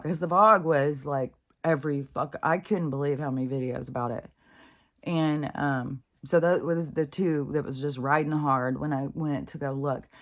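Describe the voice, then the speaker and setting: A woman vlogging in a casual rant, exasperated and swearing, stumbling over restarts and mocking others in a higher voice. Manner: halting restarts and repeated fillers. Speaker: spiritual vlogger.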